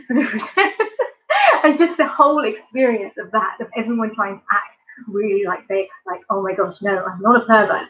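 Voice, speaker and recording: A woman's mid-range voice comes through dull audio as she chats on a live stream. She hosts an art channel, is from England near London with a southern English accent, and rambles with many ums and giggles.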